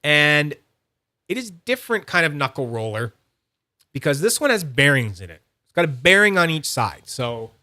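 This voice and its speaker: A man with a slightly high, bright, forceful voice talks in a loose, rambling way as he hosts a fidget toy review. He is excitable and self-deprecating, and he chats to his viewers by name. The sound is close and dry, with no room echo. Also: normal speed. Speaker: fidget toy channel host. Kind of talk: casual rambling livestream-style review.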